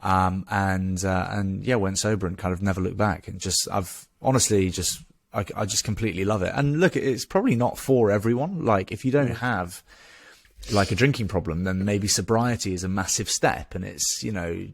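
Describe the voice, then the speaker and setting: A man's voice: sits low, normal speed, creaky, dry recording, clean studio sound. A man in his thirties with an English accent, a podcast guest telling a candid story in a frank, casual way, swearing and restarting as he goes.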